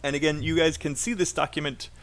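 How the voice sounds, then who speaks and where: A man's voice: on the high side, fairly even intonation, fast, a bit bright. A man with a British accent teaching a live online IELTS class, patiently drilling sentences aloud and encouraging students.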